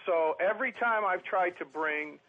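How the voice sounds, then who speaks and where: A man telling long, profane comic stories in a rambling, animated way, often mimicking other people. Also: sits high, normal speed, lo-fi sound. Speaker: storytelling podcast guest.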